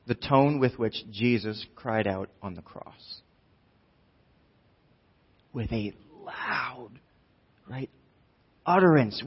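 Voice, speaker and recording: A man preaching a sermon in an animated way, acting out voices and dropping quiet for emphasis. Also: medium pitch, husky, dull audio. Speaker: pastor.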